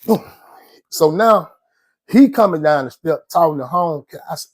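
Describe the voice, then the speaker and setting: A man from Georgia with an Atlanta accent telling prison stories in a casual, slangy, animated way. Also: fairly high pitch, measured pace, dry recording. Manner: animated, slangy, laughs often between lines. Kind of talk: casual storytelling.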